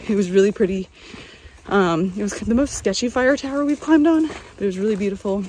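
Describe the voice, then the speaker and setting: A woman's voice: medium pitch, a little fast, a little mellow, a little hiss or hum, rough recording. A woman from North Carolina talking to her phone outdoors on a mountain trail, chatty and upbeat. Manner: chatty, upbeat, loose and rambling. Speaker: vlogger. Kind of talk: casual on-the-go vlog talk. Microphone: handheld phone.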